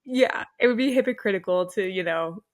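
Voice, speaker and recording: A woman's voice: medium pitch, brisk. A young woman co-hosting a casual motorsport chat. She laughs through her sentences and jokes freely. Her voice sits in a middle register. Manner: laughs often, animated and joking. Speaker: podcast co-host. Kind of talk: casual sports recap chat.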